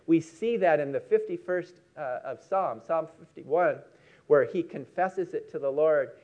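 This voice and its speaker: A man preaching a sermon, telling a story with emphatic, slowed key words. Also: on the high side, a little mellow, lo-fi sound.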